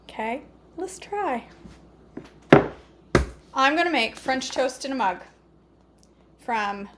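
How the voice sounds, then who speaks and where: A woman's voice: a little high, a bit bright. A middle-aged woman chatting casually to her viewers while cooking in her home kitchen, joking about herself and answering comments by name. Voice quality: chatty, self-mocking, talks to viewers by name. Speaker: cooking vlogger.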